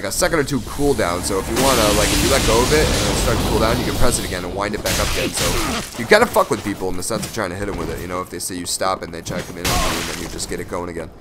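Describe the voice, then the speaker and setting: A man giving casual, profane gameplay commentary, joking and breaking into excited shouts. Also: on the low side, heavy background noise. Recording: loud music behind the voice.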